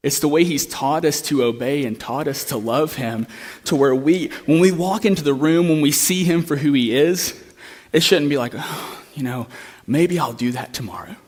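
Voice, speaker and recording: A man's voice: a little high, moderate pace. A young man preaching a sermon, telling a story in a conversational way that builds to impassioned pleas.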